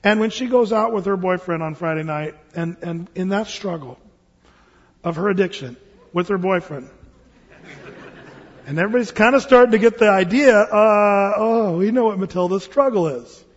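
Husky, high-voiced preacher man. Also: moderate pace. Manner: conversational, humorous storytelling. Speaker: pastor. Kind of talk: sermon. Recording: reverberant hall, dull lo-fi sound.

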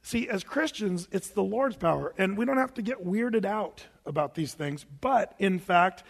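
Man preaching, high voice, conversational sermon, long hall reverb. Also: animated, a little slow, vocal fry, slightly rough. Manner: conversational preaching, mimics shouting televangelists. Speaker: pastor.

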